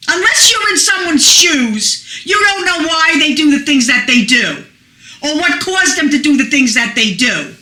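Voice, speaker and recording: A middle-aged woman preaching a fervent, emphatic sermon that rises to shouts. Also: very high-pitched. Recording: echoey room.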